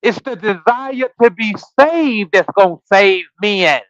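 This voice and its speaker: Unhurried and high-voiced with a fairly bright tone, a scripture study podcast host reads Bible verses on a livestream, then riffs on them casually and preachily. He quizzes listeners and slips slangy asides between readings, all in lo-fi sound from a streaming setup with no room sound.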